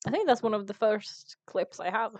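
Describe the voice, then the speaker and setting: A woman's voice: medium pitch, lively intonation, normal speed, no room sound. Chatty, giggly woman streamer. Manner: chatty, giggly, self-mocking. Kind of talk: casual gameplay commentary.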